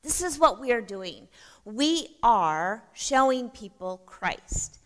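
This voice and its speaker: A woman's voice: fairly high pitch, sing-song, slow pace. A woman giving a conversational church conference talk, often asking the audience questions. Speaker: conference speaker. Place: church hall. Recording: long reverb of a church hall.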